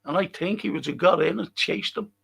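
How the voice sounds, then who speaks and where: Gravelly rambling host. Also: male voice, high-pitched, a little fast, a bit bright. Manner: rambling, chuckling storyteller. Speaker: podcast host. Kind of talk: casual livestream talk.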